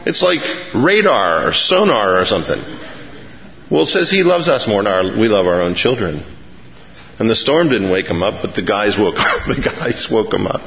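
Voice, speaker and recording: A man's voice: mid-range voice, normal speed. A middle-aged man preaching a sermon, telling stories with animation and acting out the voices of the people in them. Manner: animated storytelling, acts out voices. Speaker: pastor. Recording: echoey hall, dull sound.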